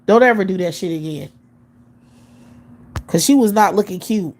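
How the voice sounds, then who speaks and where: A woman's voice: mid-range voice, moderate pace, darkish tone. Woman host, profane scornful live-stream rant, blunt and repetitive.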